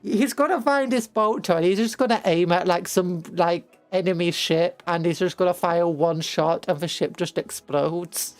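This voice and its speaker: A young British woman streaming a game, rambling through an animated story retelling with casual asides. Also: on the low side, moderate pace, hardly any pauses, soft background music. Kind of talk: casual chat while playing a game.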